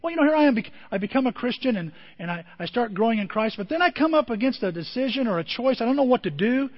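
High-voiced preacher in a reverberant hall. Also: male voice, fast. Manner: animated storytelling with asides to the congregation. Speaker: pastor. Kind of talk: sermon. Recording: dull sound with long hall reverb.

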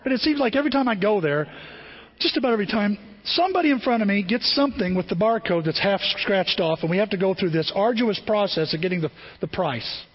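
A man preaches a sermon in a high, husky voice, telling stories with animated swings and frequent restarts. The recording is dull and lo-fi. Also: fast. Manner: storytelling, animated, repeats and restarts phrases. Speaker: pastor.

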